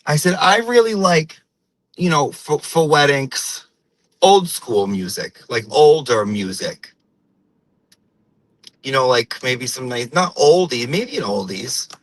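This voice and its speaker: A man's voice: medium pitch, expressive, voice pushed up, low-quality recording. A man playing a chatty, rambling middle-aged mom in a comedic character monologue. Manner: rambling, gossipy, drawn-out. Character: chatty middle-aged Portuguese-American mom on her morning drive.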